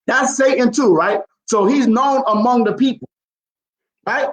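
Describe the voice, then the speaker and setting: A man's voice: high-pitched, moderate pace. Insistent man debating scripture, roomy sound. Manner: insistent, quotes scripture, repeats himself. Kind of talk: heated religious debate.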